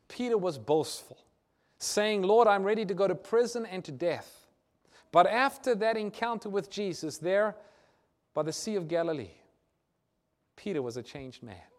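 Dramatic male preacher, loud then hushed. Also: on the high side. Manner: acts out quoted dialogue. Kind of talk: sermon.

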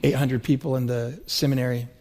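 A man's voice: mid-range voice, steady tone, fairly quick, background noise. A middle-aged man preaching a sermon, telling stories with rising, swelling emphasis. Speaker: pastor.

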